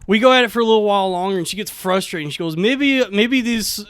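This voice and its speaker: A man's voice: high-pitched, racing, a bit bright, clear, resonant tone, dry recording. A young man telling a comic story on a podcast, laughing often through his own account. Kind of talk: casual comedic storytelling.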